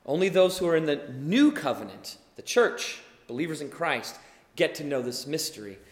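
A young male preacher delivers an earnest, explanatory sermon, now and then rising into emphatic runs. His voice sits a little high. The recording carries the long, roomy reverb of a church hall. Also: very animated, normal speed.

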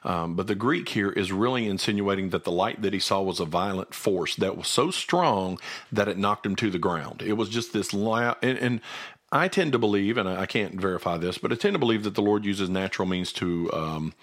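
A man co-hosts a Bible study, earnestly explaining verses and thinking aloud in a conversational style. His voice is on the low side and a bit bright, and he talks a little fast.

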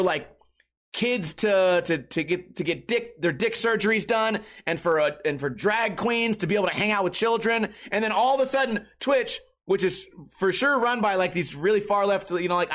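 Young man, high-pitched, solo comedy podcast host, crude and rambling. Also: fairly bright tone. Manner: rambling and crude, with frequent restarts.

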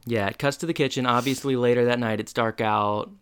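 A man co-hosting a podcast, retelling a TV episode in relaxed, casual storytelling. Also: medium pitch, a little fast, smooth. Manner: relaxed storytelling with fillers and laughs. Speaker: podcast co-host. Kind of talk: casual episode recap chat.

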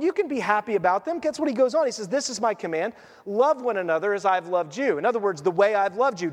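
High-voiced preaching man in echoing hall. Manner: earnest, conversational preaching with quoted asides. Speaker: pastor. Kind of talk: sermon.

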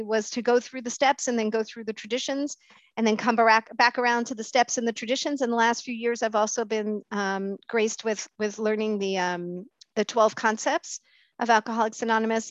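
A woman's voice: a little high, no echo. Candid middle-aged woman sharing her recovery. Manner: candid, self-mocking, halting with many fillers. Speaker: speaker sharing at a recovery meeting. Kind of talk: personal recovery talk. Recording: dull, dry lo-fi sound.

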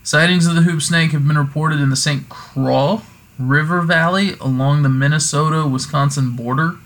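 A man's voice: on the high side, fairly even intonation, normal speed, a bit bright. A man hosting a casual folklore talk, digressive and self-correcting, with jokey asides as he goes. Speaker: podcast host.

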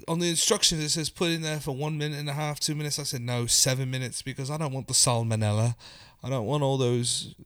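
A young man with a Northern English accent answers in a comic interview with a straight face. He rambles earnestly, and his voice sits a little high. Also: fairly even intonation, fast, hardly any pauses, fairly bright tone. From England. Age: young adult. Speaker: interview guest. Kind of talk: deadpan comedic interview.

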